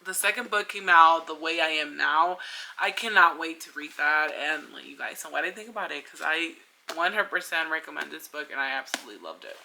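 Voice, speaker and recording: A woman's voice: low-pitched, brisk, gravelly, bright, forceful tone. A young woman in a casual book review vlog, chatty and gushing, with lots of filler words. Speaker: book vlogger.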